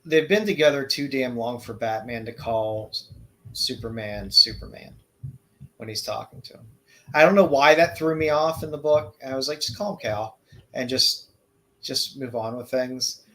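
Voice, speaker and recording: A man's voice: mid-range voice, moderate pace, a bit bright, low-quality recording. A man co-hosting a comic podcast, speaking hesitantly with many restarts. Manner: hesitant, stammering. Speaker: podcast co-host. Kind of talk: casual chat.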